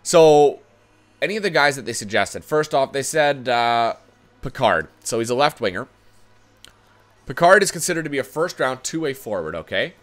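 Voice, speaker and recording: A man talks casually over his game in an ordinary middle-pitched voice. He thinks out loud and keeps correcting himself, chatty and unpolished. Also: animated, moderate pace. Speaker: gaming YouTuber.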